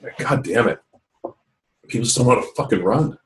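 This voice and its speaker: A man's voice: mid-range voice, lively intonation, fairly quick, a bit bright, echoey room, far from the mic, a little hiss or hum, poor audio. A man hosting a podcast in casual chat, rambling and swearing freely, with lots of fillers. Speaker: podcast host.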